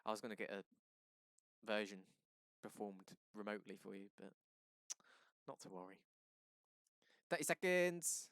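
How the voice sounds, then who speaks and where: Smooth-voiced man teaching an online lesson. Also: fairly low pitch, flat delivery, normal speed, pauses often, fairly bright tone, no echo, clean studio sound. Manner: quizzing, answers his own questions, self-correcting. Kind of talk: live-streamed remote lesson.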